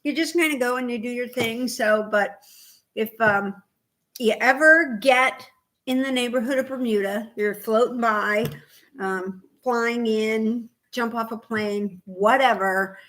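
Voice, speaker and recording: A woman co-hosting a podcast in casual chat, telling animated, rambling stories. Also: fairly high pitch, unhurried. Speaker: podcast co-host.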